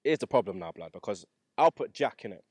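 Host: young London guy, rapid slangy football banter, lively pitch, dry close mic. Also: slightly rough, dry recording. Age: 20s. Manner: quick, slangy, laughing banter.

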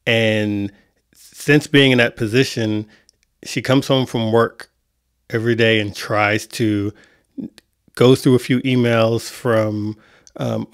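A man's voice: mid-range voice, no echo, studio quality. A man hosting an online music panel, talking casually with many restarts. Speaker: community host.

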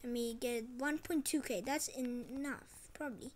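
A woman's voice: high voice, unhurried, a little hiss or hum. A woman hosting a gaming channel, chatting casually over a farming game and repeating short phrases to herself. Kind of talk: casual gameplay commentary.

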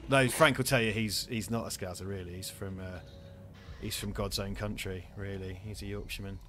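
A man's voice: lowish voice, fairly even intonation, fairly quick, over music. A man hosting a let's play, chatting casually and joking, often swearing and putting on silly accents. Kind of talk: casual gaming chat. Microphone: lavalier.

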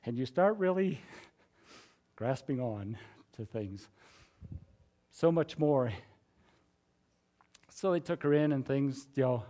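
A middle-aged man preaching a conversational sermon, sharing a personal testimony in an earnest, chatty way with many fillers and soft laughs. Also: mid-range voice.

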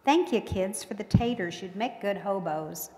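A woman reading aloud, voicing a big gruff male hobo with folksy rural speech, in an echoey hall with long reverb. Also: medium pitch, lively intonation, moderate pace, darkish tone, close to an everyday voice. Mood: gruff friendly. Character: big gruff male hobo, middle-aged, rough but kind.

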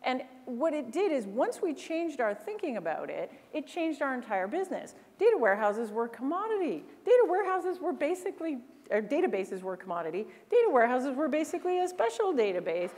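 A woman from Canada giving an animated storytelling keynote on a conference stage, often acting out other people's voices. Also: sits high, a little fast. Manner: animated, acts out quoted voices. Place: large conference hall. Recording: long hall reverb.

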